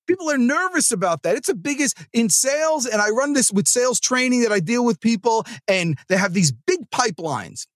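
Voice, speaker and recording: A New Jersey sales trainer hosts his podcast in a very high-pitched voice, at normal speed with few pauses and no echo. His motivational monologue is casual, animated and rambling, packed with restarts.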